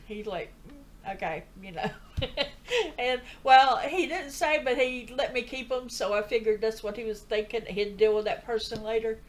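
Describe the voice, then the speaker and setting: Older woman telling her story earnestly. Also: fairly high pitch. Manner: earnest, chatty storytelling with asides. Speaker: vlogger telling a personal story. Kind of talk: casual testimony.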